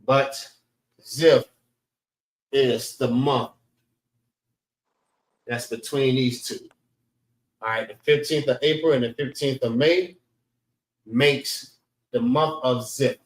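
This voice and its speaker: Male class instructor, unhurried delivery, roomy echoey recording. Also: medium pitch, fairly even intonation. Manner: drawn-out, repeats "all right?" to check in. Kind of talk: casual teaching lecture. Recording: echoey room.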